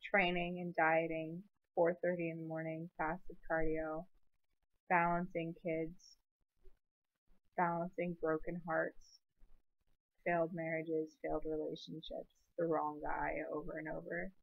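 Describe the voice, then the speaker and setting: A woman's voice: sits low, monotone, a little slow. Young woman, earnest and rambling, emotional storytelling, slightly dull lo-fi sound. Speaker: vlogger. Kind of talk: personal storytelling vlog.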